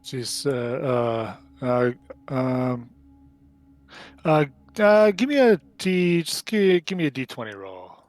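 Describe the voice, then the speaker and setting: Slow, halting man running a tabletop game. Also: medium pitch, sing-song, darkish tone, dry recording. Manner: halting, many fillers. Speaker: game master.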